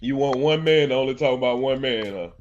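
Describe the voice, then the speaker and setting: A man's voice: medium pitch, brisk, dull audio. A man hosting a reaction stream, taunting his critics, laughing between jabs and calling viewers sir. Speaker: host of a reaction channel. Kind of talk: mocking live commentary.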